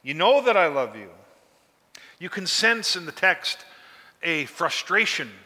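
A man's voice: a little high, sing-song, a little slow, sharp tone. Man, pastor, conversational sermon, brilliant tone, long hall reverb. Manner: conversational, folksy, asks the listeners questions.

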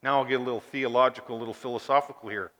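A male preacher delivering a sermon, emphatic and full of rhetorical questions, swinging between loud and hushed delivery in a church. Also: mid-range voice, steady tone, rapid-fire, long reverb tail.

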